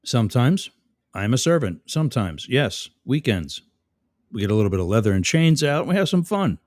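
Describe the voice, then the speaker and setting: This livestream host, a man, ridicules his commenters with sarcasm as he reads their chat messages aloud. He speaks at a normal speed in a mid-range, slightly mellow voice with a sing-song lilt. The studio-quality recording is dry.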